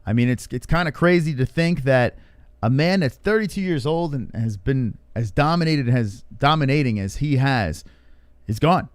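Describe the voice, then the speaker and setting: A man's voice: medium pitch, lively intonation, normal speed, clear, resonant tone, dry recording. A man hosting a casual livestream podcast, joking and teasing with banter. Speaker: podcast host.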